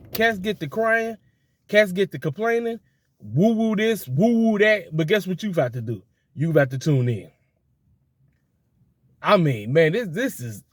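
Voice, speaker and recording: A man ranting in casual, slangy commentary as a wrestling vlogger, animated and exasperated, recording in a car. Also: high voice, no room sound.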